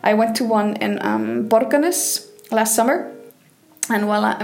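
An Icelandic woman, a sexologist, chats casually in a high-leaning voice with vocal fry, laughing and using fillers. She's telling stories in a casual monologue, recorded on a phone headset while in her bathtub.

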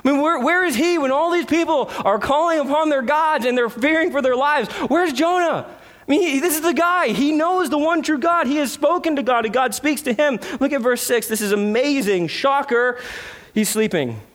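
A man preaching a sermon, earnest, with rhetorical questions and dramatic pauses. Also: extremely high pitch, a bit bright. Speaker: pastor.

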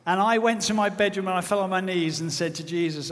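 A man's voice: high voice, quick pace, hardly any pauses, a bit bright. A man preaching a sermon with fervent, earnest exhortation. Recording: long hall reverb.

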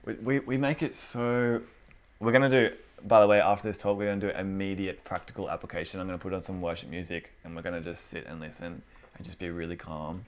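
Animated man giving a casual talk. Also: low-pitched, fast talker. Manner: animated, conversational, acts out inner voices. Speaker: small-group preacher. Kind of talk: casual informal sermon. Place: indoor gathering with a small group.

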